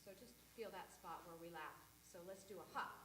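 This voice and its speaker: A woman leading a choir rehearsal, encouraging the singers and demonstrating breathing and staccato warm-up sounds. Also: on the low side, a little fast, very noisy. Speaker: choir director.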